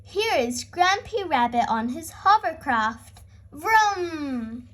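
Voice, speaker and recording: Woman storyteller for preschoolers, high lively voice, unhurried read-aloud. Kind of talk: children's read-aloud narration.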